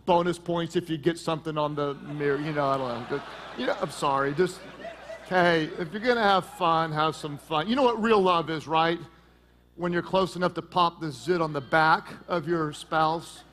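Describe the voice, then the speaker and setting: A middle-aged man preaching a sermon as pastor, joking and lively, with sudden loud peaks. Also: fairly high pitch, moderate pace.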